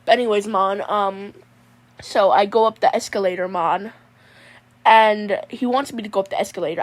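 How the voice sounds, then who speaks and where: A woman's voice: medium pitch, close to an everyday voice. A woman doing a drawling mullet-haired dude. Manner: drawling, rambling, keeps saying "mon". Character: goofy laid-back young guy with a mullet. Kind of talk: comedic character monologue.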